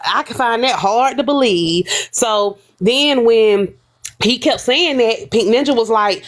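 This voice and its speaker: A woman casually retelling livestream drama, animated and gossipy, slipping into the voices of the people she quotes. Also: on the high side, a little slow.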